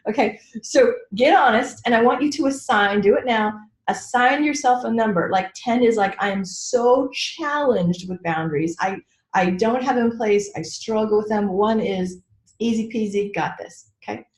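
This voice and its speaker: A woman's voice: fairly high pitch, normal speed. Candid, chatty woman mentor in an echoey room. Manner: chatty and candid, many "like"s and "right?" check-ins; frank, with mild swearing. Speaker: business mentor leading a training call. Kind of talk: teaching a group call, casual and personal. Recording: roomy echo.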